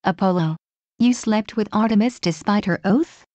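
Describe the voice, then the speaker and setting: Brief: woman reader voicing a stern fatherly king of gods, mellow tone, dry. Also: medium pitch, moderate pace, no room sound, natural voice. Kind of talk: reading a fan story aloud.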